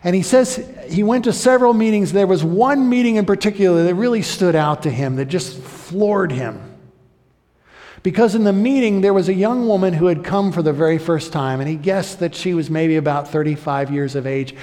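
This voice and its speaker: A male pastor preaching a sermon with passion, building to loud, emphatic peaks. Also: high voice, normal speed. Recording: echoey hall.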